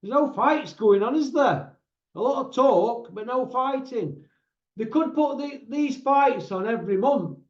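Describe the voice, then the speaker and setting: A man's voice: very high voice, lively intonation, unhurried. A man hosting casual boxing commentary, ranting in an exasperated way and tacking tag questions onto his points. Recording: roomy, dull lo-fi sound.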